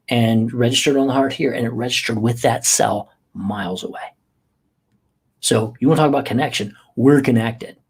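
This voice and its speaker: Husky-voiced man giving a motivational talk. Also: mid-range voice. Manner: emphatic, exhorting, repeats key phrases. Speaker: podcast host. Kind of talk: motivational podcast monologue.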